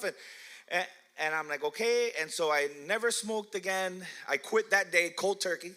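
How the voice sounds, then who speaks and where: A man's voice: sits high, normal speed, sharp tone. A middle-aged man pastor telling playful, self-mocking stories in a sermon, laughing often and asking the crowd questions. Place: church hall.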